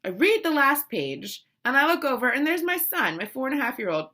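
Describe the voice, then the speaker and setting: Animated woman telling an emotional story. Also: high-pitched, brisk. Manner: animated, emotional, lots of restarts and quoted voices. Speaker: mother telling a family story. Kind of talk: casual storytelling to camera.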